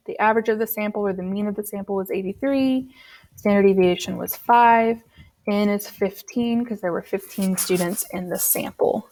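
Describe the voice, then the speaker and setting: A woman walks students through a statistics lesson in a patient, chatty teaching voice. Her pitch sits at an ordinary middle height for a woman. She explains each step plainly, with the odd um as she goes. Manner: patient, explanatory, uses fillers like um. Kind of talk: recorded classroom lesson.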